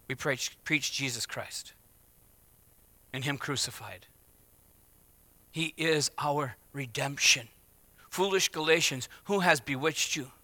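A middle-aged man preaching a sermon, swinging from hushed, intimate phrases to loud, emphatic declarations. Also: mid-range voice, slow, long pauses, dry recording. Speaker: pastor.

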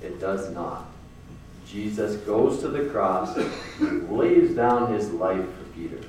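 A man's voice: lowish voice, animated, takes it slowly, darkish tone, a little hiss or hum. A man preaching a sermon in a casual, earnest way, repeating phrases for emphasis. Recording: very echoey room from far off.

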